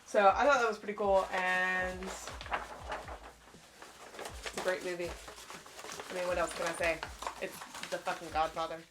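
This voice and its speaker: A woman's voice: lowish voice, flat delivery, normal speed, long pauses, over music. A woman co-hosting a casual collecting video, chatty and enthusiastic, often saying "like". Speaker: co-host. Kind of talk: casual collection show-and-tell.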